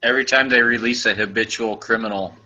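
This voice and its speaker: A man's voice: on the low side, steady tone, quick pace, bright, forceful tone, muffled recording. A man in casual voice chat, joking crudely and padding his talk with "like.". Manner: crude, laughing banter full of "like".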